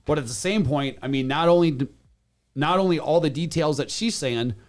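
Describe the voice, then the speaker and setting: A man from Wisconsin who sells real estate, chatting casually on a panel, animated and joking, often restarting his sentences. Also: fairly high pitch, normal speed.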